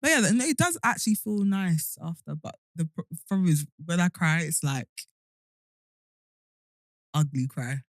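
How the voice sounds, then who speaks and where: Low-voiced blunt young woman. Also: lively intonation, moderate pace, long pauses, no room sound, clean studio sound. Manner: blunt, swears freely, wry. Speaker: podcast co-host. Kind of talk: casual chat.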